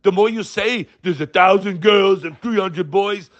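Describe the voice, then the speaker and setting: A man's voice: sits high, a little slow, fairly bright tone, highs cut off. An older man giving an impassioned sermon, emphatic and full of rhetorical questions. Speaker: religious teacher.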